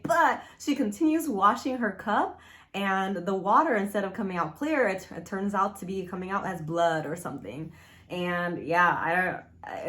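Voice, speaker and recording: Chatty woman reviewing a spooky book. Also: mid-range voice. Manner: chatty, animated, easily spooked, many fillers. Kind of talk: casual book review vlog. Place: her room at home.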